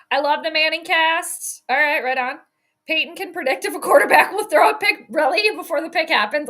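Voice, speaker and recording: Bright high-voiced woman fan commentator. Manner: excited, swearing, rambling fan commentary. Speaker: host. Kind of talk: live game commentary stream.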